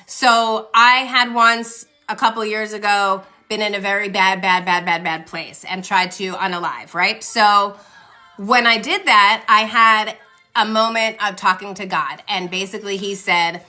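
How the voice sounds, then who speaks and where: A woman's voice: medium pitch, measured pace, sharp tone, faint music behind. A woman in her forties giving chatty, reassuring tarot readings on a live stream, speaking to viewers by name. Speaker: tarot reader. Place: home, livestream. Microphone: phone.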